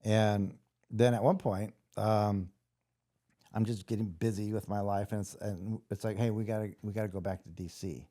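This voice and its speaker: A man's voice: fairly low pitch, steady tone, moderate pace, warm tone. A middle-aged man from Los Angeles, a former soldier telling his story in a casual, rambling interview, with many restarts. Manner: rambling, conversational, many restarts, acts out quoted voices. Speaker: guest, former special operations soldier.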